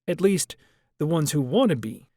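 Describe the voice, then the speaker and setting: A man's voice: on the high side, very animated, moderate pace, darkish tone, dry recording, studio quality, voice pushed up. A man voicing a commanding boy who leads a convention, speaking curtly and with authority in an audiobook.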